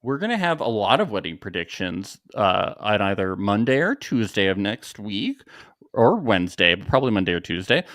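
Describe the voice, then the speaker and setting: A man's voice: medium pitch, no room sound, clean studio sound. A man co-hosting a podcast, chatting casually and joking as he recaps a show. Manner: jokey, animated, laughs often. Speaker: podcast co-host.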